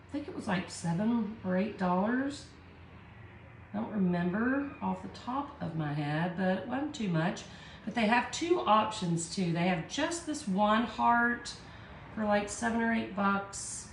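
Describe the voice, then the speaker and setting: A woman's voice: mid-range voice, lively intonation, unhurried, slight background noise. A woman with a Southern US accent hosting a live art tutorial, chatting with viewers and talking herself through each step in a self-deprecating way. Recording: echoey room.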